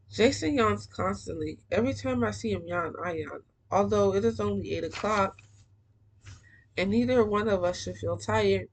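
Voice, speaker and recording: A woman's voice: fairly low pitch, rough recording. A woman reading a young-adult novel aloud, breaking off for casual, slangy comments. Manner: casual slangy asides between passages. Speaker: book reader.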